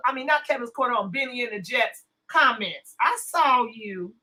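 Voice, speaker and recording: A woman's voice: fairly high pitch, animated, moderate pace, hardly any pauses, sharp tone, rough recording. A woman hosting a casual commentary livestream, blunt and cussing, her voice strained from a sore throat. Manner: blunt, cussing, chatty, greets viewers. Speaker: livestream host.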